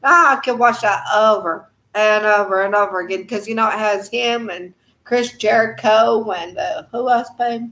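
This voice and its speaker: A chatty woman with a fairly high voice hosts a casual live chat from home. She rambles from one thought to the next, laughing often and trailing off into fillers. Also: normal speed, a bit bright.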